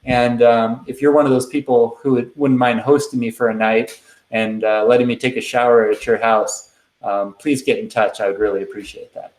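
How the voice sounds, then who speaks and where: A man's voice: medium pitch, normal speed. A man chats through a live stream Q&A, answering viewers in a loose, rambling way full of ums. His voice sits in the middle range and carries a noticeable room echo. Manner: relaxed, rambling, many ums. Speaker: channel host answering live questions. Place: indoors at a computer.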